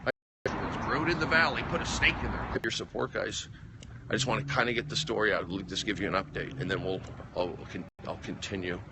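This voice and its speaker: A man's voice: lowish voice, fairly quick, noisy background. A man, a comedian, telling a story on a casual phone livestream, rambling and restarting his sentences, and getting worked up. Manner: rambling, repeats himself, restarts phrases; gets worked up and loud.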